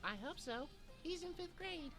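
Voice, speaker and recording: A woman voicing a blunt, deadpan young woman in a comedic abridged dub. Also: very high-pitched, moderate pace, faint music behind. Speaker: voice actor in a fan abridged series.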